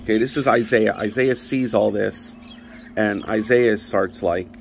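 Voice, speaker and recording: A man with a somewhat low voice leads a relaxed Bible study. He talks in a loose, conversational way, often restarting his sentences. A faint background noise sits under his voice. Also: a little slow, creaky. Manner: conversational and rambling, with frequent restarts. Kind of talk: casual Bible study teaching.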